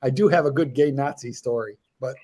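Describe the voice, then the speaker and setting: A man's voice: medium pitch, fairly quick, crowd noise, rough recording. A man hosting a livestream, teasing and bawdy in casual banter. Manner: teasing, bawdy, laughs a lot. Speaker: livestream host.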